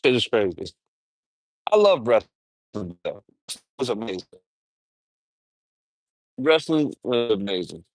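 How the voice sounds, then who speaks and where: A young man chats on his stream from a garage, loose and slangy, bursting into little impressions. His pace is unhurried and his pitch swings widely with excitement. The sound is dry, with no room echo. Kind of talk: casual stream chat.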